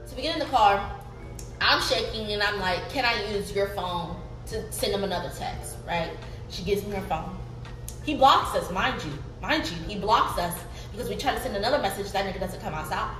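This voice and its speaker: A young woman telling a story in a lively, profane way, often breaking into laughter. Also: mid-range voice, normal speed. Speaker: vlogger. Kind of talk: storytime vlog. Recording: roomy, off-mic, faint music behind.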